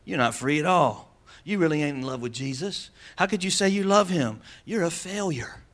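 A man's voice: on the high side, lively intonation, normal speed, fairly bright tone. A preacher voicing the devil as a male figure who drawls taunting accusations.

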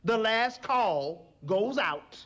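Animated high-pitched male preacher. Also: very slow. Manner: animated, acts out voices and call-and-response. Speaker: pastor. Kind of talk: sermon. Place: church sanctuary.

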